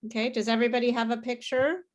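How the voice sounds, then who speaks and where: A woman's voice: fairly high pitch, level tone, quick pace. Patient woman drilling pronunciation. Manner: clear, patient, repeats words for students to echo. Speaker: English pronunciation teacher. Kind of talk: online class pronunciation drill.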